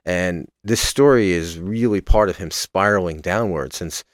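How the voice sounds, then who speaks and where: A man giving a casual, animated recap of a wrestling match as a podcast contributor, swearing freely and swinging between loud and quiet. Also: low-pitched, measured pace, no room sound, studio quality.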